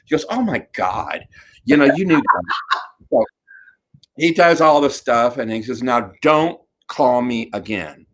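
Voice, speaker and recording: A man's voice: mid-range voice, animated, unhurried, a bit bright. A middle-aged man hosting a talk show, telling a campy, laughing story in casual chat.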